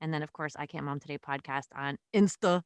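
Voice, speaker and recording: A woman's voice: sits low, brisk, clean tone, dry recording. A woman co-hosting a podcast in casual chat, chatty and laughing often between phrases. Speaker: podcast co-host.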